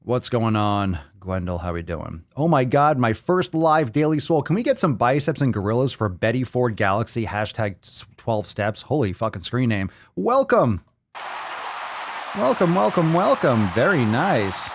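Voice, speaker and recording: A man hosting a live podcast stream, talking loudly and excitedly, repeating phrases and swearing often. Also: on the low side, normal speed, hardly any pauses, no room sound, clean studio sound. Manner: plays soundboard clips. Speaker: podcast host.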